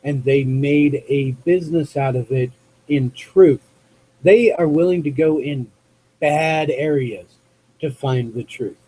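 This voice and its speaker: A man from the US West Coast hosting a live call-in show, talking off the cuff in a rambling, halting way as he searches for words. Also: a little high, warm tone, husky, rough recording. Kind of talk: unscripted monologue to chat viewers.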